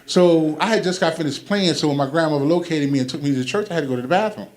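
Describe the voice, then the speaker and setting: A man doing stand-up comedy, telling animated stories and acting out the people in them, on a club stage with a handheld mic. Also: on the high side, very fast. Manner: animated, acts out quotes with loud shouted punchlines. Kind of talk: stand-up storytelling.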